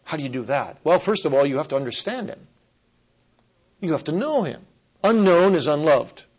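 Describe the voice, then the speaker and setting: A man preaching a sermon, earnest and emphatic, repeating key phrases and slowing down to stress them. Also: a little high, very animated, a little mellow, poor audio.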